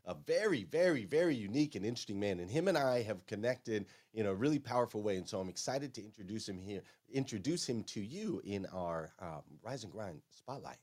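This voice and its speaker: A man's voice: on the low side, animated, fairly quick, hardly any pauses, a little mellow. A man hosting a morning show, enthusiastic and hyping up his guests in casual chat. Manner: enthusiastic, hype, says "man" a lot. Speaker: show host.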